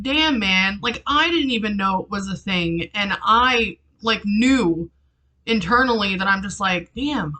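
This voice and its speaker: A woman vlogging, close to tears, talking haltingly with many restarts and swear words, through a headphone mic at home. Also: a little high, pushed and bright. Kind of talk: emotional personal vlog.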